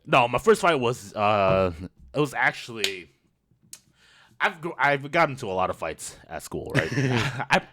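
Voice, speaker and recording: Animated, laughing young man telling stories. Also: mid-range voice, unhurried, a little hiss or hum. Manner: laughs often, swears freely, animated retelling. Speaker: podcast host. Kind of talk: casual storytelling chat.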